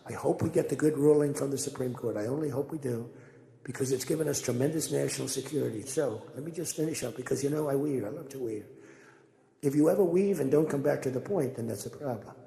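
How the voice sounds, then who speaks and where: A man's voice: mid-range voice, fast, creaky, warm tone. A man giving a rambling, boastful off-the-cuff speech, digressing and acting out conversations, in an echoey hall. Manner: boastful, digressive, acts out dialogue. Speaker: public speaker at a press event. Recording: echoey hall with long reverb.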